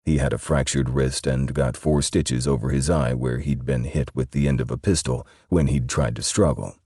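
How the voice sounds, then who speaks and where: Super low dark voice, husky guy narrating a romance audiobook, dry sound. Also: steady tone, moderate pace, no room sound. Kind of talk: scripted narration.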